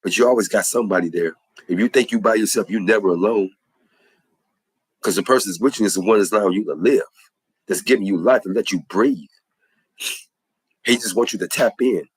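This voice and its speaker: A man with a low, husky voice preaches in an earnest testimony style. He leans on repetition and emphatic rhythms. The sound is dry and close, with no room echo. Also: a little fast, pauses often. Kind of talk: impassioned spoken testimony.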